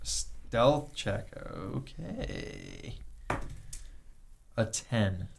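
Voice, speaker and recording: A man's voice: medium pitch, wildly swooping pitch, extremely slow, gravelly, slight background noise. A man playing a tabletop game in casual talk, hesitant and repeating his words. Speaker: player.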